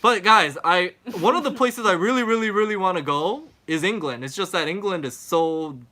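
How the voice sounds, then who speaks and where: A man's voice: high-pitched, moderate pace, pushed and bright. A young American man from California hosting a travel live stream, chatting casually, rambling and repeating words.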